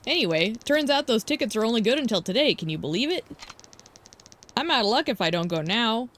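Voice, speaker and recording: A woman's voice: on the high side, sing-song, brisk, fairly bright tone. A woman reading as an eager teenage boy.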